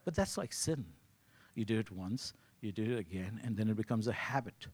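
A man's voice: lowish voice, expressive, a little fast, husky. A man preaching a sermon in a conversational way, often asking "you see" and acting out his own thoughts. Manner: acts out his own inner voice in quotes.

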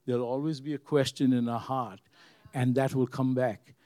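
A pastor preaching a sermon to his church, earnest and repeating his phrases, swinging from loud emphasis to quiet. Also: mid-range voice, steady tone, moderate pace, no room sound.

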